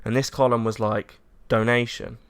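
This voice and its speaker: A young English man in casual podcast chat, animated, acting out the people in his story. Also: medium pitch, moderate pace, smooth. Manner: animated storyteller, acts out quotes, laughs often. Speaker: podcast co-host.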